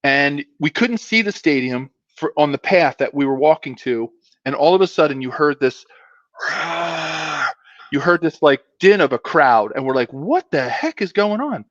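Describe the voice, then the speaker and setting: A man's voice: a little high, animated, moderate pace, dry recording, lo-fi sound. A man in his fifties, a former pro football player, telling a long story as a guest in a casual, rambling way with many asides.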